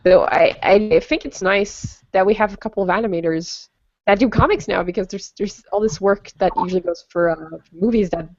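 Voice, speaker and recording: A woman's voice: medium pitch, moderate pace, darkish tone, no room sound. Brief: chatty woman moderator on a lo-fi call mic, dry and dull. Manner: chatty, apologetic, self-deprecating. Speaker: panel moderator. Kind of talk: casual online panel chat. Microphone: cheap computer microphone on a call. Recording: dull lo-fi cheap microphone.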